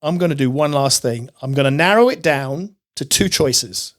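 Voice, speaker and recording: A middle-aged man telling his life story as a podcast guest, emphatic and animated, acting out his own past outbursts. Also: medium pitch, moderate pace. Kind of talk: testimony in casual interview.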